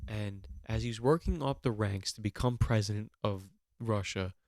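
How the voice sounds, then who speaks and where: A man hosting a podcast, going on an animated, mock-outraged comedic rant with plenty of swearing. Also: on the low side, normal speed, no room sound, clean studio sound. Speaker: podcast host.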